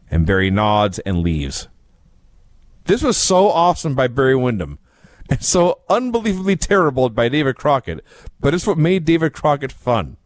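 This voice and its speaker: A man recapping old wrestling shows in casual podcast chat, telling it with a dry, wry edge. His pitch moves around a lot as he tells a story. The sound is close and dry, with no room echo.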